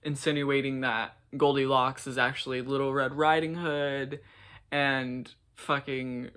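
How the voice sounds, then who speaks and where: A man's voice: medium pitch, flat delivery, a little slow, a bit bright, clean tone. A man giving casual, gushing reaction commentary to a show, swearing and saying "like" a lot. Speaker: reaction vlogger.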